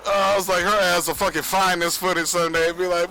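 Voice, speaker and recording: A young man rambles on a livestream, swearing freely and boasting between bursts of laughter. His voice sits high and sounds bright and edgy. Faint music plays behind him. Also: level tone, fast, poor audio. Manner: profane, boastful, laughs often. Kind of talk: rambling casual stream monologue.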